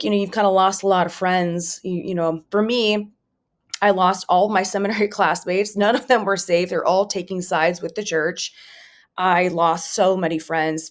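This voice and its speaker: A woman with a slightly low voice speaks in an earnest, reflective way. She talks gently, often restarting a thought and voicing example phrases as she goes. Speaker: podcast host and survivor advocate. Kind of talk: earnest advice talk.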